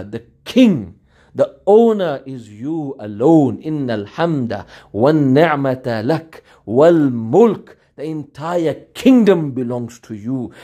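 A man's voice: medium pitch, mellow. A middle-aged man preaching a sermon with fervor, repeating phrases and chanting Arabic supplications. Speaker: Islamic preacher.

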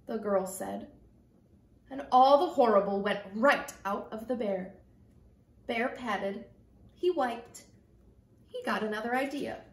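A woman telling a children's story in an expressive storytelling manner, then talking to kids about it as a church storyteller. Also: high-pitched, a little slow. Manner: expressive, sing-song storytelling. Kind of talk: read-aloud story and children's message. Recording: echoey room.

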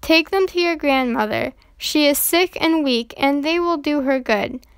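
Storybook mother giving careful instructions, firm but caring; read by a woman, high and dry. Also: a little slow, no echo. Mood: instructive.

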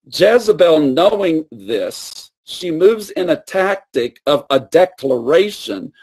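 A man's voice: a little high, expressive, takes it slowly, hardly any pauses, darkish tone. A man preaching a sermon and teaching with emphatic, repeated phrases.

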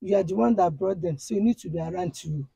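An actress playing a distraught only sister whose brother went mad, sobbing, praying aloud and laughing nervously. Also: female voice, fairly low pitch, fast, gravelly, dark tone, husky, no room sound, heavily acted, rough recording. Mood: earnest. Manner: emotional, swings between sobbing, wailing prayer and nervous laughter. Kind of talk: skit-style family drama. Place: outdoors by an unfinished house.

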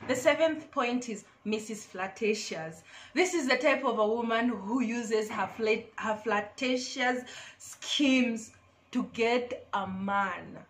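A woman's voice: fairly high pitch, slow pace. A woman vlogger giving casual, emphatic advice to camera, repeating her key phrases.

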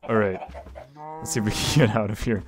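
A man's voice: lowish voice, brisk, background noise. A man hosting his own gaming channel, giving loose, playful gameplay commentary and coaxing the animals on screen.

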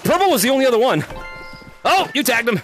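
High-pitched excitable young man gaming. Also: faint music behind. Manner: energetic, shouty, quick repeated calls and laughter. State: sweaty. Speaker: VR game streamer hosting fan lobbies. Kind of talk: excited live gameplay commentary. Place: indoors, playing in VR.

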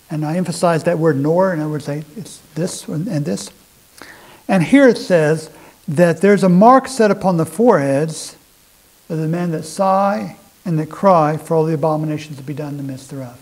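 A man preaching a sermon, his voice a little husky and sitting slightly high for a man. He reads scripture aloud with earnest emphasis and often restarts his phrases as he explains them to his listeners. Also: darkish tone, poor audio. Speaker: pastor.

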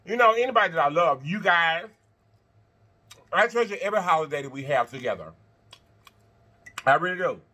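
A man hosting an eating-show vlog, chatting to viewers between bites, animated and quick to laugh. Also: a little high. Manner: animated, talks straight to viewers, laughs and chants; talks while eating and blowing on hot food. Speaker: mukbang host.

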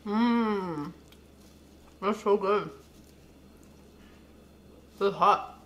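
A woman's voice: mid-range voice, lively intonation, moderate pace, bright, forceful tone. A woman hosting a casual cooking demonstration in a home kitchen, chatting directly to her viewers. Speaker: cooking vlog host.

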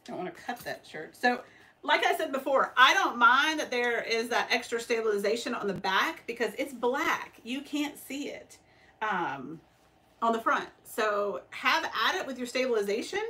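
A woman's voice: on the high side, expressive, normal speed. A woman with a Southern US accent chatting casually to her livestream viewers while she works at her embroidery machines, calling them y'all. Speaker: embroidery shop owner livestreaming her work. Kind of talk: casual live-stream chat while working. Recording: distant mic with loud sewing machine noise.

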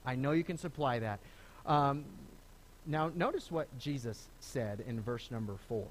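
A middle-aged man preaching a sermon as pastor, conversational and animated, often restarting phrases and acting out the people he quotes. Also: medium pitch, unhurried, a little hiss or hum. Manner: lively, conversational preaching with repeated starts and acted quotes. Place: church sanctuary.

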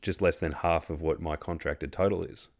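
Low-voiced Australian man, rambling story. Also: fairly even intonation, moderate pace. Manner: rambling, many fillers and restarts, swears freely. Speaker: host. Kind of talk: casual storytelling chat.

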